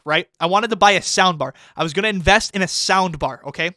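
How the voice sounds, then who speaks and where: A man's voice: high voice, brisk, pushed and bright, dry recording, studio quality. A man in his twenties hosting a casual podcast chat, rambling and swearing heavily as he gets worked up. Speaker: podcast host.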